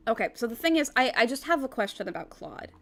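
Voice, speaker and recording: Giggly, excitable high-voiced woman streamer. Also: fast, vocal fry. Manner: excitable, giggly, rambling with many restarts. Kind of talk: casual game let's-play. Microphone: desk microphone.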